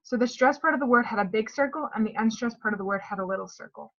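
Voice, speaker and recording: A woman's voice: fairly high pitch, quick pace, a bit bright, highs cut off. A woman presenting a speech therapy session in a recorded class talk, explaining and modeling word stress aloud.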